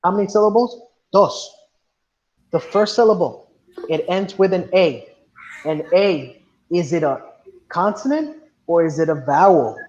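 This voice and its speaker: A man's voice: sits high, measured pace, pauses often, a little mellow. A male teacher leading a class lesson, patiently asking students questions and now and then slipping into Spanish. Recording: dull lo-fi audio.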